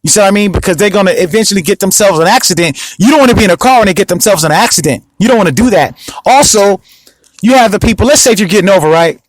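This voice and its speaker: A podcast host delivers a casual, rambling monologue, emphatic and repetitive, with lots of restarts and frequent asides asking the listener questions. His high, expressive voice races along, and the low-quality recording has no echo.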